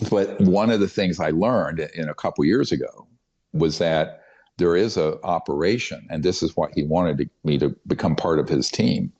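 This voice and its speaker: A man's voice: sits low, a little mellow. An older man giving a long interview answer, telling his story in an emphatic, conspiratorial way, often restarting his sentences with fillers. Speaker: podcast guest. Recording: dull, muffled podcast audio.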